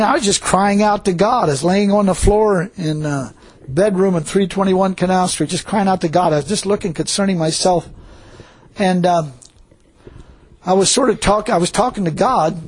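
A man with a high-pitched, breathy and husky voice preaches. He rambles through his story with many fillers and repeated words, now and then chuckling. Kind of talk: sermon testimony.

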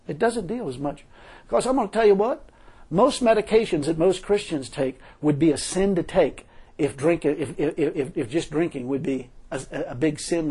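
A man with a slightly high, husky voice preaches in a loose, conversational way, mixing his sermon with his own testimony. His pitch rises and falls a great deal, he repeats phrases, and he chuckles as he talks. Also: darkish tone. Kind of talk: informal sermon with personal testimony.

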